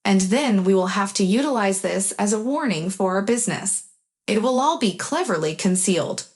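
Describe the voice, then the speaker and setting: A scheming stepfather, aggressive and defiant, sneers at everyone who questions him, voiced by a woman reading a story. He speaks at an ordinary mid-range pitch, scornful and dismissive. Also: lively intonation, normal speed, close to an everyday voice.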